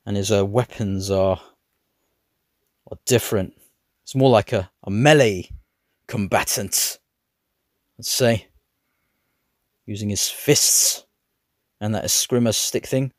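A man casually reviewing an action figure, talking in a relaxed, rambling way with hesitant fillers. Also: lowish voice, slow pace, long pauses, dry recording, studio quality. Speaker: toy reviewer.

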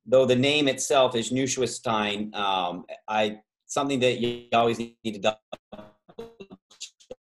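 A man hosting a trivia quiz over a video call, reading out multiple-choice options slowly and drawing out the key words, with chatty asides and quick self-corrections. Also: mid-range voice. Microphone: video call microphone.

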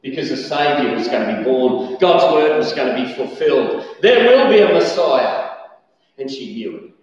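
A man's voice: medium pitch, moderate pace. Man preaching in an echoey hall. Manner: animated storytelling, bursts of shouting. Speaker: pastor. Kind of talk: sermon. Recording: echoey hall, distant dull mic.

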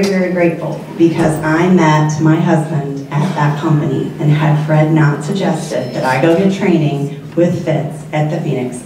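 Woman telling stories at a memorial, slightly low voice, distant and echoey. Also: mellow. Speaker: eulogy speaker. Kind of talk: memorial speech with anecdotes. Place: large room at a memorial. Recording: echoey hall, speaker off-mic.

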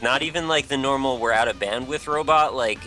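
A man's voice: medium pitch, a little fast, sharp tone, faint music behind. A man joining a casual podcast over a voice call, making offhand jokes. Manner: joking, offhand. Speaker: podcast co-host. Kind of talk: casual chat.

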